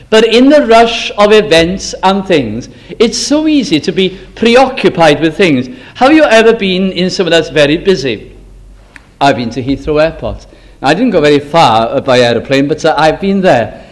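An older man from Britain preaching a sermon, telling stories with slow, emphatic phrases and self-deprecating asides. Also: a little high, very animated.

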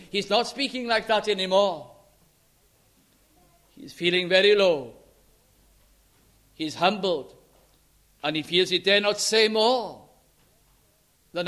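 A man's voice: high-pitched, measured pace, pauses often, sharp tone. A man preaching an earnest sermon, quoting scripture in old-fashioned English and building to emphatic passages.

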